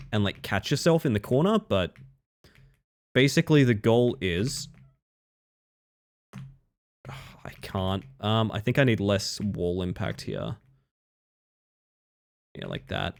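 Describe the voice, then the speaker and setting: A man streaming a speedrun late at night, chatting casually with his viewers, thinking aloud and correcting himself as he plays. He sounds a little tired. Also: lowish voice. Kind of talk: casual gameplay commentary.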